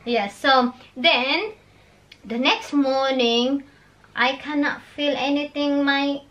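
A woman, telling a personal story in a casual, animated way with laughs and halting phrases. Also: high-pitched, muffled recording. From Philippines. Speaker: vlogger.

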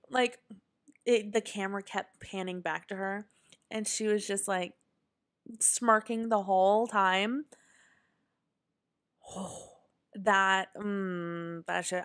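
A woman's voice: medium pitch, fairly bright tone, dry recording, studio quality. A young adult woman hosting her own podcast, ranting casually with lots of swearing, fillers and emphatic asides. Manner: heated, profane, emphatic. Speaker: podcast host. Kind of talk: casual solo podcast rant.

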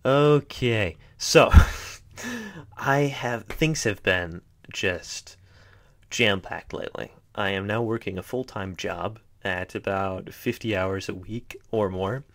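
Rambling young man, low voice. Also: takes it slowly, a bit bright. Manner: chatty, self-mocking, trails off into mutters. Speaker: vlogger. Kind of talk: unscripted rambling vlog.

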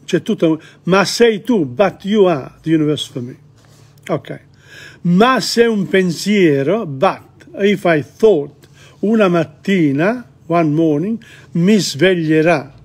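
A middle-aged man teaches a language lesson by going through song lyrics line by line. He talks in a slow, halting way, repeating himself as he explains, and his voice is slightly high and husky. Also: expressive.

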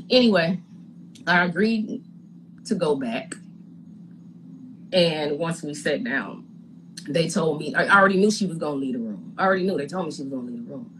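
A woman retelling a story in a casual live-stream chat, animated and indignant, often stammering and repeating words as she builds her point. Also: deep voice, normal speed, long pauses, a little hiss or hum, rough recording. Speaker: reality TV guest recounting her experience.

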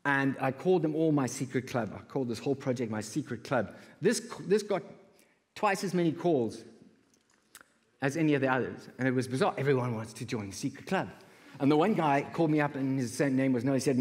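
A man's voice: lively intonation, a little fast, a little mellow. A man from South Africa with a South African accent, telling humorous stories in a conference keynote and acting out callers' voices. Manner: humorous, acts out callers' voices with big pitch jumps. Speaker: conference speaker. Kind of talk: storytelling keynote talk. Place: large conference hall. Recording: long hall reverb.

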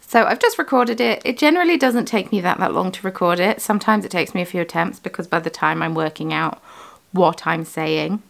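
A woman's voice: lowish voice, brisk, gravelly, hardly any pauses, a bit bright. A British woman, the host of a crafting vlog, chatting casually from her home studio, rambling and correcting herself as she goes. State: has the hiccups. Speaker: yarn dyer and vlogger.

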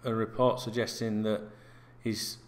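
A man's voice: lowish voice, level tone, measured pace, slight background noise. A man hosting a football news channel, reading out stories and ranting with sarcastic, sweary asides. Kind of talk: casual ranting news read-through.

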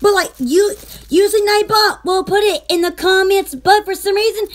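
A woman's voice: very high voice, steady tone, moderate pace. A woman hosting a casual livestream, chatting in a giggly, rambling way. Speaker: channel host.

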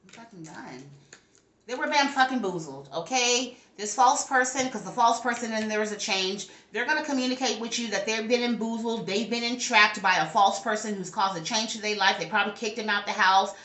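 A brash woman reads tarot straight to camera in a casual, profane way, arguing with her spirits as she goes. Her voice sits a little high and sounds bright and forceful. The room around her is echoey. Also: a little fast. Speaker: tarot reader.

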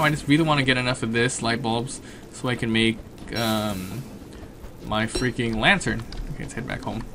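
A man doing let's play commentary, excitable and swearing at enemies, then thinking aloud about his plans. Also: medium pitch, noisy background. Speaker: gaming commentator.

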